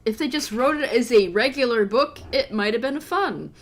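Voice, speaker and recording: A woman's voice: fairly high pitch, moderate pace. Sarcastic woman reading a gamebook aloud. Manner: sarcastic, exasperated. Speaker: game master reading a gamebook.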